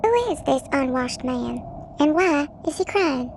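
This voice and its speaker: A woman's voice: high-pitched, animated, a little slow, creaky, noisy background. Sarcastic woman narrating commentary. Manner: sarcastic, mocking, dramatic rhetorical questions. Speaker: commentary channel host.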